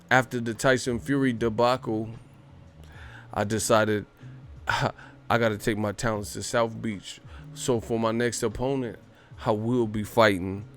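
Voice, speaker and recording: A man ranting casually to camera about boxing, animated and profane, with mocking, incredulous jabs. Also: lowish voice, smooth. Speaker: boxing commentary vlogger.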